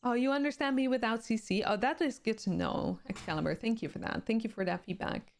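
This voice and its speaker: A woman with a slightly high, creaky voice talks fairly quickly as she streams games. She is a native Swedish speaker with a Swedish accent, casually reading live viewer comments out loud and replying.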